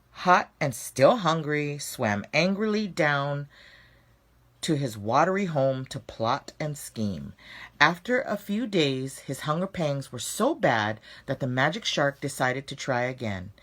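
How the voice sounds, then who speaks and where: A woman reading a children's story aloud, with expressive, dramatic storytelling and slowed emphasis. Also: sits low.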